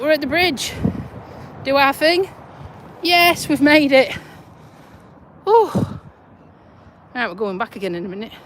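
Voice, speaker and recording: Outspoken Yorkshire-accented woman, casual walk-and-talk vlogger, bright high voice, lots of swing. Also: a little hiss or hum. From Lincolnshire, England. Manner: blunt, chatty, mild swearing. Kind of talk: casual walking vlog. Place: outdoors walking a dog by a road.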